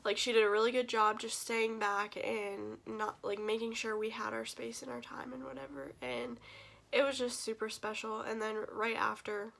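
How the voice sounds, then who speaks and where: A woman's voice: on the high side, level tone, moderate pace, gravelly, fairly bright tone. A young woman vlogger telling a personal story to camera in a casual, gushing way, tearful and full of fillers. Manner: gushing, emotional, many fillers.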